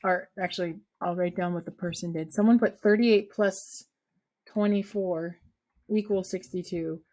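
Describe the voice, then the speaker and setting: A woman's voice: lowish voice, steady tone, normal speed, warm tone. A woman teaching a math lesson to her class, explaining a problem step by step in a chatty way and often checking that students follow.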